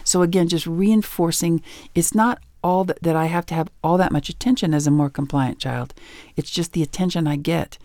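A middle-aged woman with a lowish voice speaks at a normal pace in a clean studio recording with no echo. An author and educator, she offers parenting advice during a radio interview, animatedly telling stories and acting out snippets of dialogue.

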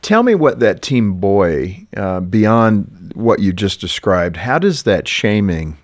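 A man's voice: on the low side, very animated, slow pace. A man hosting a radio interview, asking probing conversational questions. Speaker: radio host.

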